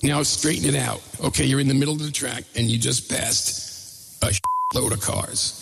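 A man voicing a calm adult male race coach who guides the driver by voice and reassures him. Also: mid-range voice, moderate pace, vocal fry, husky, full character voice. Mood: urging. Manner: instructing, reassuring. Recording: long reverb hall.

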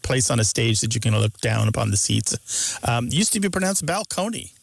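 A man's voice: medium pitch, brisk, creaky, no echo. Dry-sounding male radio host. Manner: lively, explanatory, stresses words for examples. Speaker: radio show co-host and language expert. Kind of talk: explaining on a call-in radio show. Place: radio studio. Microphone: studio microphone.

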